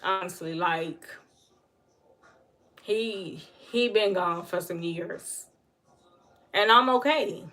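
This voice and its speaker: A woman's voice: lowish voice, takes it slowly, long pauses, sharp tone. A woman giving blunt, emphatic advice to her viewers on a casual livestream and answering the chat. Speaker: livestream host.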